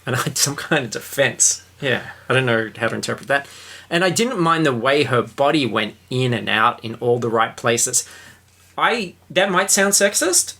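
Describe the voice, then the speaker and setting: A man's voice: mid-range voice, lively intonation, moderate pace, bright, forceful tone. A man hosting a podcast, chatting casually and jokily about a book and its film, with a lot of fillers. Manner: rambling, jokey, lots of fillers. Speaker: podcast host.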